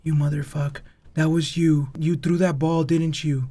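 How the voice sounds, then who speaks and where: A man's voice: fairly high pitch, little pitch movement, moderate pace, dark tone. A man giving profane, joking let's-play commentary on a VR horror game, switching between English and Spanish. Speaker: VR gamer, channel host.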